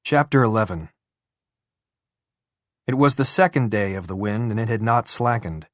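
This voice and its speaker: Here a man with a lowish voice reads an audiobook, telling the story in an even, measured way. Studio sound is clean, and there is no echo.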